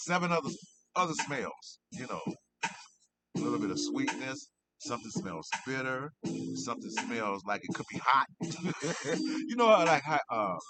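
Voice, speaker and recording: A middle-aged man, high, rambling casually and repeating himself as he reviews cannabis on his vlog. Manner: meandering, repeats himself, laid-back.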